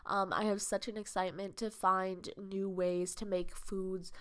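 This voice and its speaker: A woman's voice: medium pitch, level tone, a little slow. A young woman vlogger talking in a casual podcast monologue, earnest and rambling, with a heartfelt, confessional way of speaking.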